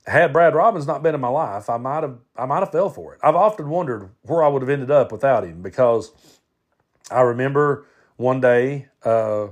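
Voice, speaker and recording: A middle-aged man with a Tennessee drawl tells a story from his own life on a podcast. He talks folksy and plain, circling back and restarting his sentences, and now and then he swears. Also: mid-range voice. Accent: Southern US, Tennessee. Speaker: podcast host. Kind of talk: personal storytelling monologue.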